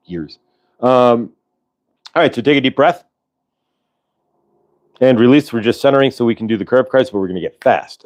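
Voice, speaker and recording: Low-voiced guy rambling on a live stream, lots of uh and um, chatting with viewers from home. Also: a little mellow. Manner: rambling, many fillers and restarts, chatting with viewers. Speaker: host of a live spiritual channeling show. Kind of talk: casual live-stream chat. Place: at home in Colorado.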